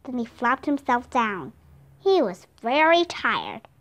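A woman with Vietnamese as her first language reading a children's audiobook aloud in a slow, clear, expressive way. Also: fairly high pitch. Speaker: storybook reader.

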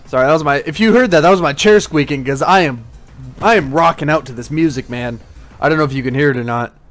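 A man casually commenting on his gameplay, rambling and excitable, swearing at enemies. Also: a little high, quick pace. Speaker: gaming channel host. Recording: faint game music behind. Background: game music.

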